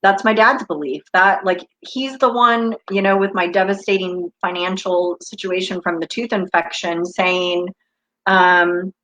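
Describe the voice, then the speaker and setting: On a low-quality recording, a woman's voice sits on the low side, with fairly even intonation, a moderate pace and a fairly bright tone. She's a U.S. intuitive coach in her fifties hosting a live stream, chatting casually with viewers and straying into spiritual tangents.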